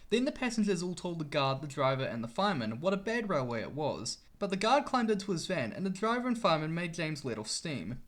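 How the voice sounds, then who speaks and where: A man reading a children's storybook aloud in an expressive way. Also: a little high, brisk, few pauses.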